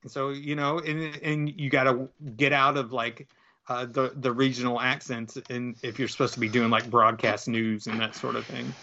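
A podcast co-host with a medium-pitched, level, sharp voice talks at a normal speed over lo-fi audio. His casual chat rambles, full of fillers and restarts.

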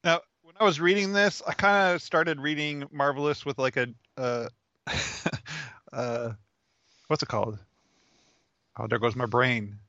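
A man's voice: medium pitch, unhurried, long pauses, pushed and bright, no room sound, highs cut off. A man co-hosting a podcast, talking casually about comics in an easygoing, chuckling way. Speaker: podcast co-host.

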